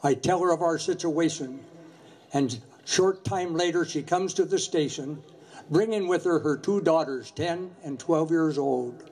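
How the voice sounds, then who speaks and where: Speaking in a darkish tone pitched a little high, an older man delivers a memorial speech that is earnest and measured. He recounts a story from the years he commanded a Coast Guard station.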